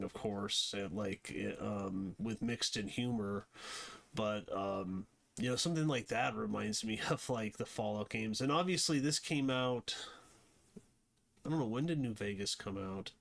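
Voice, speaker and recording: A man's voice: on the low side, unhurried, gravelly. A man hosting a casual movie review, rambling with many fillers and restarts. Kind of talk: casual unscripted commentary.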